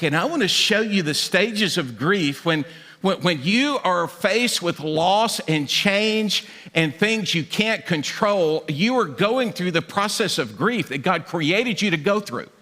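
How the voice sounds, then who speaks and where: A man preaching from a church stage, with a high, forceful, bright voice that carries. He talks like a conversation, slipping into acted voices for the people he quotes. The sound rings out with the long reverb of a large hall. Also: animated, a little slow. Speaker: pastor. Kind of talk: sermon.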